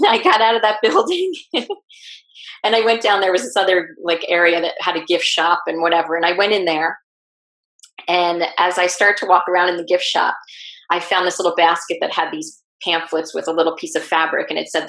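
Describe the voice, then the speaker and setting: A woman guest telling a personal story in an interview, lively and acting out what people said. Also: fairly low pitch, brisk. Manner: animated, acts out quoted speech. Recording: roomy echo.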